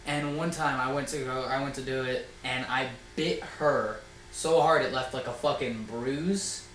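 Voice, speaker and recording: A young man hosting a casual storytelling chat, loud and laughing, swearing often and acting out quotes. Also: medium pitch, steady tone, a little slow, reverberant, a little hiss or hum, low-quality recording. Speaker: host.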